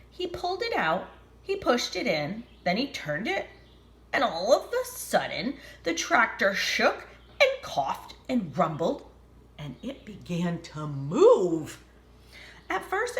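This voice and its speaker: A woman reading a picture book aloud to children, expressive, with chatty asides. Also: medium pitch, roomy sound. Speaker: storybook reader.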